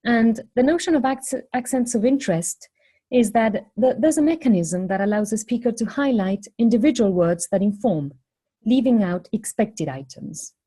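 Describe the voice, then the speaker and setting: A woman lecturing on phonology, explaining step by step in a measured way and posing questions to the class. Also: a little high, expressive, warm tone, slightly rough.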